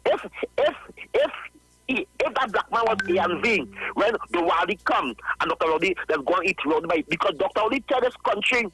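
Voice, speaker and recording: A man's voice: high voice, animated, a little fast, bright, forceful tone, soft background music, low-quality recording. A Trinidadian man calling in to a radio show, ranting with passion and stammering over repeated words. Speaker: radio caller. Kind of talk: call-in radio rant.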